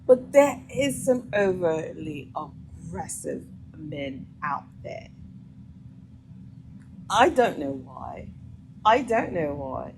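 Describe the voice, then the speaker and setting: A woman's voice: low voice, sing-song, slow, darkish tone, a little hiss or hum, poor audio. Blunt woman host giving opinions. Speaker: vlog host reacting to a clip. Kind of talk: casual commentary.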